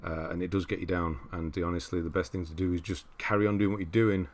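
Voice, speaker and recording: A man with a deep, low-pitched voice hosts a casual livestream. He rambles easily, reads viewer comments aloud and answers them as he goes. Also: flat delivery, fast. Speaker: livestream host.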